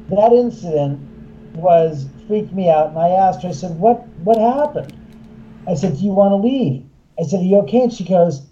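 A man, a haunted house owner and filmmaker, telling an animated story and acting out the voices of the people in it. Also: high-pitched, muffled recording, a little hiss or hum. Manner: acts out quoted voices, excitable.

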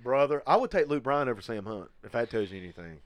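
A man's voice: mid-range voice, fast, no echo. A man hosting a podcast in casual chat, swearing freely and laughing often. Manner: profane, animated, laughs often. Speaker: podcast host.

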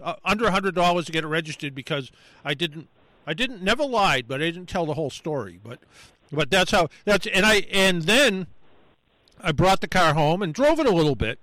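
Man, casual anecdote, rambling, acts out dialogue, slightly high voice, dry recording. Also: animated, a little fast, pushed and bright, no room sound, poor audio. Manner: rambling storyteller acting out dialogue. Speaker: guest storyteller. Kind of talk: casual anecdote on a talk show.

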